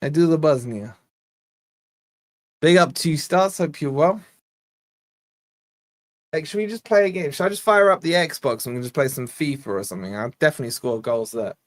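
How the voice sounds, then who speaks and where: A young man from Scotland hosting a live fan watch-along, giving exasperated, chatty play-by-play and reading out viewer shout-outs. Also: a little high, fast, hardly any pauses. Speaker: fan channel host.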